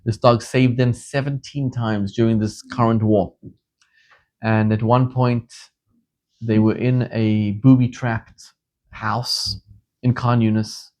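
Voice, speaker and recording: A man from Zimbabwe, a rabbi, giving a sermon in an animated, emphatic storytelling manner. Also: medium pitch, takes it slowly.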